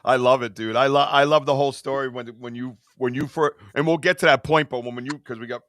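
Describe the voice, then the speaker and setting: A man hosting a casual podcast, loud and energetic, laughing often. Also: medium pitch, fast talker, dry recording, studio quality. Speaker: podcast host. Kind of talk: casual chat.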